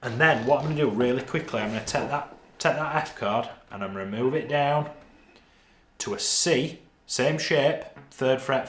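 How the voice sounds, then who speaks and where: A man of medium pitch with a fairly bright tone teaches a guitar lesson in a Northern English accent, at a moderate pace. He plays while talking through the parts and counting beats, and the room is echoey.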